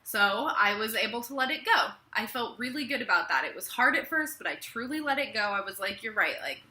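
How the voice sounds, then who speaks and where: A woman's voice: a little high, expressive, fairly quick, sharp tone. A young woman telling a personal story to the camera in a casual, chatty way, with lots of filler words. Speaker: vlogger. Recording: echoey room.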